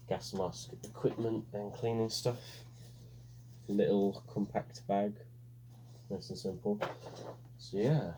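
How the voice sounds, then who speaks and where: Low, dark-voiced man unboxing gear. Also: slight background noise. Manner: relaxed, rambling, many fillers. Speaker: vlogger reviewing a gas mask. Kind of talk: casual unboxing commentary.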